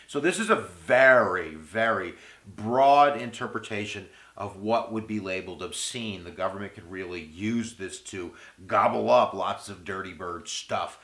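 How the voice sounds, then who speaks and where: A man giving an energetic history video lecture, full of goofy jokes and playful asides. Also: lowish voice, moderate pace. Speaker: history teacher. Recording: roomy echo with faint music.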